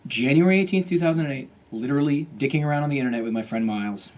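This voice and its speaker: A man in his thirties telling a comic story to an audience at a book event, animated and self-mocking, acting out his own inner voice. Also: medium pitch, very fast.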